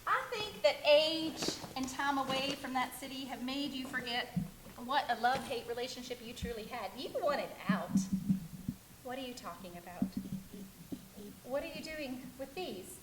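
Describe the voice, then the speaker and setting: A middle-aged woman telling her own life story as a theatrical one-woman monologue, expressive and wistful. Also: sits high, normal speed, noisy background. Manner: expressive, wistful, self-reflective. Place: stage.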